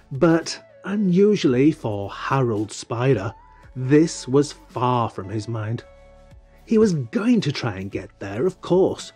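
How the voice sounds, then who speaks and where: A man reading an audiobook in the first person, slow and wistful. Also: medium pitch, a little mellow, slightly rough. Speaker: audiobook narrator. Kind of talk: first-person storybook narration.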